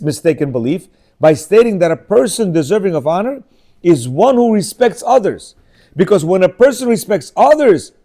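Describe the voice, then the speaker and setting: A man in his fifties teaching an informal religious class, telling stories and acting out the dialogue. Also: high-pitched. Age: 50s. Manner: animated storyteller, acts out dialogue in changing voices; asks listeners rhetorical questions.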